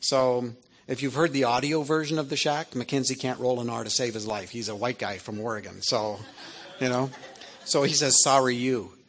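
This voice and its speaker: A man in his fifties, an author telling a story to an audience in an animated, chatty way, often checking in with "right?". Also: medium pitch, normal speed, some chatter behind, slight background noise. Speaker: author and speaker.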